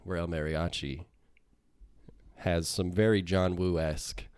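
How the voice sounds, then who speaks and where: Low-voiced wry podcast co-host, a man. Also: steady tone, slow, a little mellow, clean tone, no echo. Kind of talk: casual film discussion.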